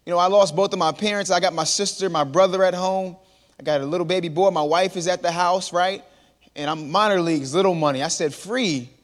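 A man's voice: sits high, fast. A man in his thirties, a motivational speaker telling stories to a live audience and calling out to the crowd. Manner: lively storyteller, calls out to the crowd. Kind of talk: storytelling talk to a live audience. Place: large hall before an audience. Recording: long hall reverb.

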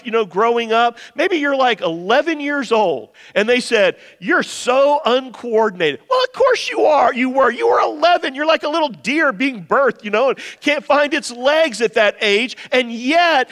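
A male pastor delivers a passionate sermon in a notably high voice, pressing his points with rising emphasis. His words ring out with a long reverb, as from a large church hall. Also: a bit bright. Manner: impassioned preaching with rising emphatic lines.

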